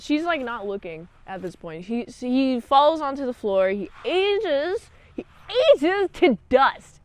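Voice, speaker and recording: A woman's voice: on the high side, smooth, dry recording. A woman giving a chatty, jokey review monologue, full of "like" and retellings. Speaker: video reviewer.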